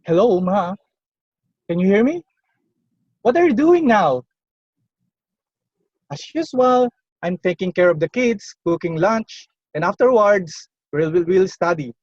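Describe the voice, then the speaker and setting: A man delivers a prepared contest speech from home, unhurried and earnest, pausing between phrases. The sound is dull and lo-fi, dry with no room echo, as if captured over an online call. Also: sits high, lively intonation, a little mellow. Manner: slow, earnest, personal storytelling with pauses. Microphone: computer or phone mic on a video call.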